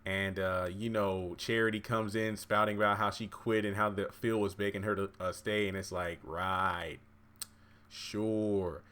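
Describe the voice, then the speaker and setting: A man with a fairly low voice recaps a TV episode in a loose, chatty way. He rambles through asides and fillers, keeping it conversational. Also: level tone, normal speed, few pauses, fairly bright tone, clean tone. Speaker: TV recap vlogger. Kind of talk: casual episode recap commentary.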